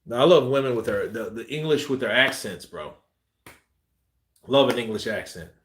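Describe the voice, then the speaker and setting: A man's voice: mid-range voice, expressive, moderate pace, a bit bright, a little hiss or hum. A man hosting a boxing live stream, reading viewer comments in a loose, joking way and laughing often. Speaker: boxing channel host. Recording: roomy echo.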